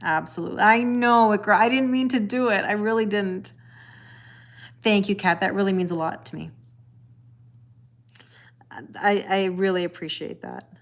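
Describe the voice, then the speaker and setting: Hosting a casual tarot livestream, a middle-aged woman speaks at a normal speed in a medium pitch. She chats with viewers and reads their comments out loud, often laughing and repeating phrases.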